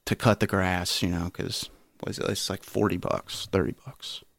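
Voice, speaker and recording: A man's voice: low-pitched, fairly even intonation, normal speed, creaky, a bit bright, dry recording. A man co-hosting a podcast, telling a rambling, profane story and laughing often. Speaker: podcast co-host. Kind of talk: casual podcast chat.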